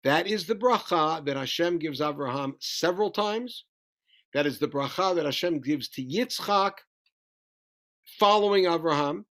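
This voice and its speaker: A man teaching a Bible study lesson, animated as he retells the story, reading Hebrew verses and translating them. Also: on the high side, normal speed. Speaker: Torah teacher.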